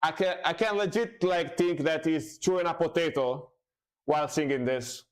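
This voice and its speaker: A man's voice: a little high, moderate pace. A man reacting to music on a live stream, casual and rambling, with many fillers and repeated words.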